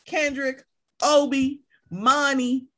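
Animated woman giving playful shout-outs. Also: high-pitched, slow pace. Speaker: podcast guest. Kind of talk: casual chat.

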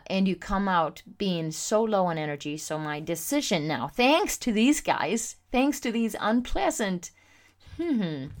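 A woman hosting a podcast, telling a personal story in a candid, expressive way with frequent pauses and fillers. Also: medium pitch. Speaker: podcast host.

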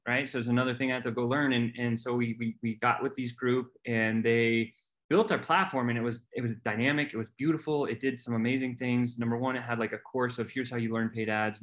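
Man, podcast guest, candid storytelling, earnest, repeats and restarts words, middle pitch. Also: fairly bright tone.

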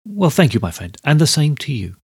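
A man's voice: on the high side, very animated, fairly quick, gravelly, darkish tone, slightly rough, no echo, clean studio sound, pitched above the performer's own voice, heavily acted. A man doing a genial, forgetful old general. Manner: genial, absent-minded.

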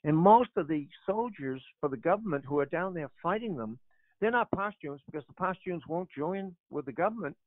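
An older man and author, a guest telling animated stories and chuckling, often repeating his words. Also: a little high, brisk, dry recording. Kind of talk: conversational storytelling on a radio show. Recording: tinny phone line.

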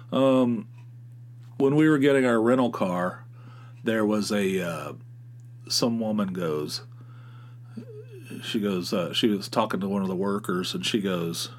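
Rambling, wry podcast host man. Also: on the low side. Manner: rambling, wry, profane asides. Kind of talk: casual storytelling monologue.

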